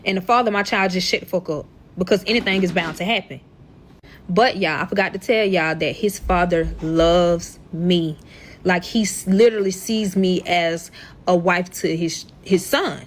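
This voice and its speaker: A young woman telling a dramatic storytime to her viewers in a casual, animated way, swearing often. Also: lowish voice, normal speed. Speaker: storyteller reacting to her own past.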